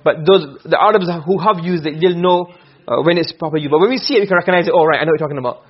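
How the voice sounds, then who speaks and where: A man's voice: fairly high pitch, husky. A man teaching Arabic grammar in a classroom lesson, quizzing his students as he goes and reading Arabic text before explaining it. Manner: quick, questioning, reads Arabic text then explains. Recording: dull lo-fi recording.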